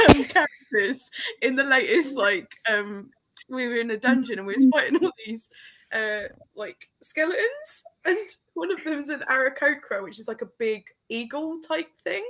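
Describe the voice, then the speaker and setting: A woman with a high, very lively, bright voice, telling stories with excitement. She laughs through her sentences as she chats. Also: moderate pace, no room sound. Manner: animated storyteller, laughs through her words. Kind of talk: casual chat.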